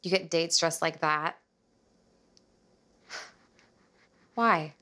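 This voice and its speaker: An actress playing a defensive, sharp-tongued young woman in a scripted series, snappy and exasperated. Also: low voice, very slow, heavily acted. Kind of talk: scripted web-series acting.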